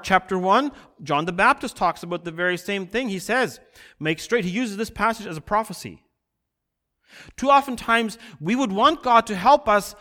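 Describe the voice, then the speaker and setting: A man preaching a sermon as pastor, earnest and building in intensity, slowing down to stress key phrases. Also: high-pitched, sharp tone.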